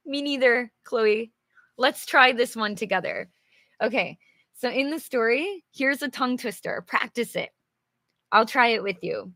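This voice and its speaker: A woman's voice: fairly high pitch, bright, forceful tone, no room sound, clean studio sound. A young woman teaching English, reading a storybook aloud and chatting with viewers, laughing often. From English-speaking country. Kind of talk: live English reading lesson with chat.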